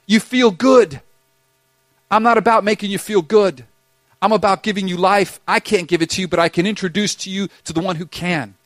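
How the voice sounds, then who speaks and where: High-voiced impassioned male preacher. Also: steady tone, normal speed, no echo. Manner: impassioned, swings between loud urging and hushed intensity. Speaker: pastor. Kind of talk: sermon.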